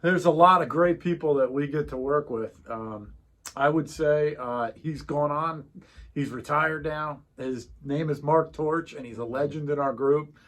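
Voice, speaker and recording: Co-host, male, a bit high, easygoing and reminiscing. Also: measured pace. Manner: relaxed, reminiscing. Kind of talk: casual storytelling chat.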